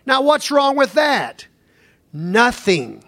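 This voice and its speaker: A man preaching a sermon, retelling a scripture story with repetition and dropping his voice low when reading verses. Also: wildly swooping pitch, slow pace, a bit bright.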